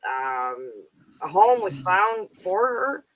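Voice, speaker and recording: A man's voice: high-pitched, big pitch swings, slow pace, fairly bright tone, no echo, poor audio. Man, 50s, Canadian accent, rambling casual caller, dry close sound. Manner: rambling, lots of "like" and "um" fillers. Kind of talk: casual chat.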